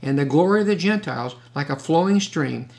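A male preacher with a gravelly edge and a voice set a little above the usual male range. He reads scripture at a deliberate pace, then breaks off to put asides and quick questions to his listeners. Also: fairly high pitch, lively intonation, a little mellow. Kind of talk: sermon, Bible teaching.

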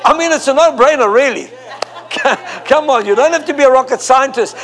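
Some chatter can be heard behind a man preaching to a congregation in church. His voice is very high-pitched, expressive and a bit bright, moving at normal speed as he emphatically repeats phrases and leads call and response.

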